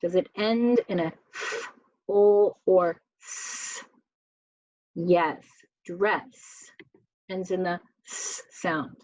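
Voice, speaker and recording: Very slow, deliberate woman teacher. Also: on the low side, darkish tone, dry recording. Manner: slow and deliberate, sounding out letters one by one. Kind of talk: slow spelling lesson. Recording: dull, dry lo-fi recording.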